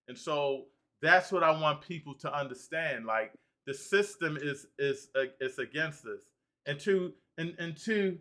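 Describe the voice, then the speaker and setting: A man's voice: on the high side, bright, forceful tone. A man hosting a live panel discussion, talking in an emotional, emphatic way and often repeating himself. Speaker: livestream host.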